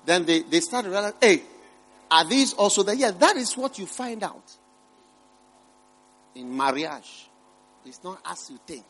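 A middle-aged man preaching a sermon, rising to loud emphatic peaks and dropping to low murmured asides. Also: expressive, a little slow, pauses often, slightly rough. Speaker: pastor.

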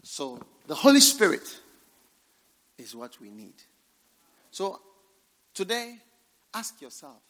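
A man preaching a sermon, swinging from hushed, near-whispered lines to loud, emphatic exhortation. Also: sits high, slightly rough, big-room sound.

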